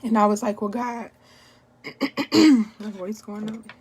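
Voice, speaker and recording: A woman's voice: mid-range voice, takes it slowly, a little mellow, a little hiss or hum. Young woman vlogging at home, candid testimony, repeats herself, talks about praying a lot. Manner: candid, repetitive, prayerful storytelling. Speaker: wellness product seller. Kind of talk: personal testimony vlog.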